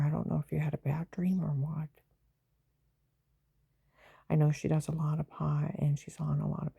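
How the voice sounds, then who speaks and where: A woman's voice: sits low, creaky, dark tone, slightly rough, no room sound. A woman vlogger telling a long, rambling personal story in an aggrieved tone, with angry bursts.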